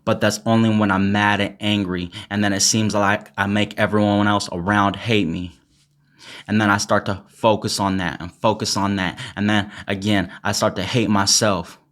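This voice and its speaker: A young man with a somewhat low voice spits an a cappella freestyle. His delivery is intense and angry, heavy with swearing, and he later chats casually to his followers. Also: little pitch movement, normal speed, fairly bright tone. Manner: intense and angry in the verse, chatty and laughing in the outro; swears heavily. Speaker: rapper and poet.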